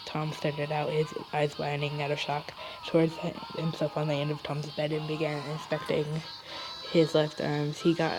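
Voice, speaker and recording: Hesitant low-voiced woman reading fan fiction. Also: monotone, normal speed, poor audio. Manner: hesitant, many fillers and restarts. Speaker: livestream fan fiction reader. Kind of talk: casual livestream reading. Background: background music.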